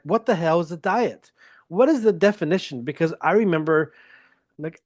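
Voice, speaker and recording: A man's voice: a little high, no room sound, studio quality. A man hosting a solo podcast in a casual, self-deprecating, joking manner. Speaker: podcast host.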